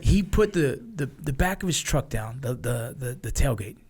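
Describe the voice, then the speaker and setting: A man from Los Angeles, a former Army Ranger guest, telling war stories in a profane, animated way. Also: medium pitch, normal speed, slightly rough. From Los Angeles, USA. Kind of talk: casual storytelling interview.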